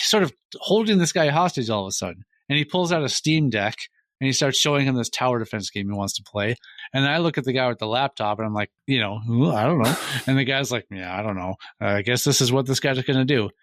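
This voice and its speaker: A middle-aged Minnesota man co-hosts a podcast, telling an anecdote in casual chat with a medium-pitched voice at a quick pace. He retells it animatedly, acting out the other people's lines, in a dry recording.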